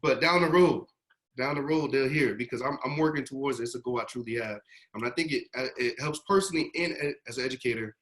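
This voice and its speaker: A man in his thirties with a Boston accent, co-hosting a casual live podcast and speaking in a measured, reflective way with "um" pauses. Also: mid-range voice, a bit bright. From United States. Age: 30s. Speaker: podcast co-host, educator.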